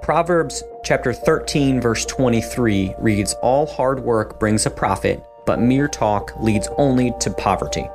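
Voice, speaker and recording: A man giving a calm, earnest devotional reflection in a radio segment, with a music bed underneath. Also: mid-range voice, unhurried, hardly any pauses.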